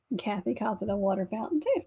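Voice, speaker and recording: A woman's voice: medium pitch, mellow, husky. A woman co-hosting a casual livestream chat, laughing often between remarks. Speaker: livestream co-host.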